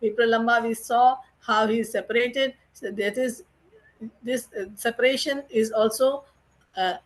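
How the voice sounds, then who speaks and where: A woman's voice: on the high side, steady tone, moderate pace, poor audio. A woman teaching a scripture lesson, retelling the stories off the cuff with many fillers and restarts. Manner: unscripted, with frequent fillers and restarts.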